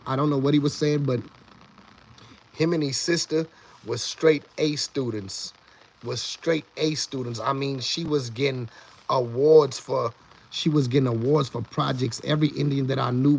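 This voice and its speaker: A man hosts a casual live stream, greeting chat viewers by name as he rambles along, restarting sentences and repeating words. His voice sits at a medium pitch with a steady tone, unhurried and touched with vocal fry.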